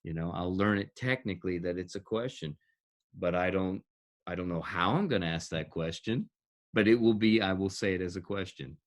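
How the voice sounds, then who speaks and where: A man's voice: low voice, moderate pace. A man who coaches actors and directs, explaining his teaching in an interview with emphasis, repeating key words and laughing between points.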